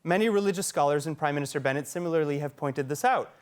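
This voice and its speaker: A male news host moderating a debate, his voice a touch higher than usual for a man. He speaks in a measured way, pushing in politely to steer the discussion. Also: clean tone. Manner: trying to cut in, measured.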